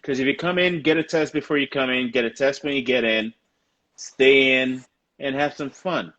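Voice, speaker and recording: A man hosting a casual interview, upbeat and quick to laugh. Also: medium pitch, sharp tone, dull audio. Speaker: host.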